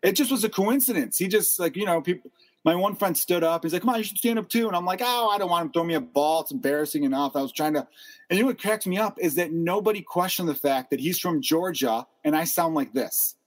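A male host tells a story in a playful, self-mocking way during a relaxed conversation. His voice is a bit higher than most men's, and he slips easily into quick joking asides. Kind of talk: casual chat, storytelling.

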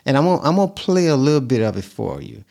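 A man's voice: mid-range voice, sing-song, fast, creaky, a little mellow. A man hosting a vlog, talking earnestly and casually and repeating points for emphasis. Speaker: vlog host. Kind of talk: casual talk to camera.

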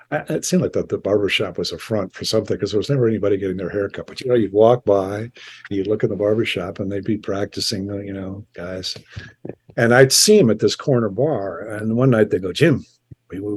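An older man, a musician, telling a rambling, animated anecdote in a casual chat. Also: on the low side, breathy edge. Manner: rambling, animated storytelling with restarts and chuckles. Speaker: musician guest.

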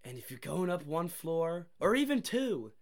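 A man's voice: a little high, normal speed. A young man co-hosting a podcast, telling stories in casual chat and acting out what people said. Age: young adult. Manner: animated storytelling, acts out quoted exchanges. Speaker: podcast co-host.

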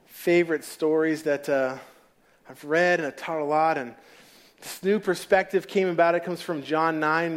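A man preaching a sermon in a casual storytelling way, acting out the people in the story. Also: on the high side. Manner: casual storytelling, acts out voices.

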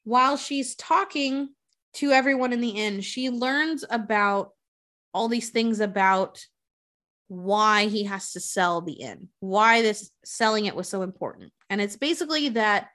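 A woman's voice: medium pitch, a little slow. Profane woman casually recapping a film. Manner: profane, animated retelling with quoted voices.

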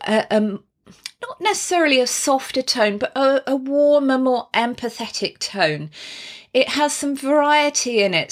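A woman's voice: high voice, a bit bright. A woman presenting a friendly, explanatory lesson on video call skills, speaking casually to camera with small restarts and light laughs. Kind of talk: casual instructional talk to camera.

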